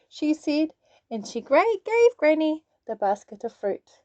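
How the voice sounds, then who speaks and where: A woman storyteller reading a children's story aloud in an expressive, sing-song way. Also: sits high, unhurried, dry recording, highs cut off.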